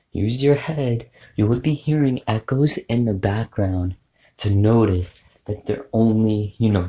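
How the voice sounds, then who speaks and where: A man's voice: fairly low pitch, warm tone, poor audio. A man giving casual, rambling tips on doing voice impressions, with lots of fillers and restarts. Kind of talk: casual spoken tutorial.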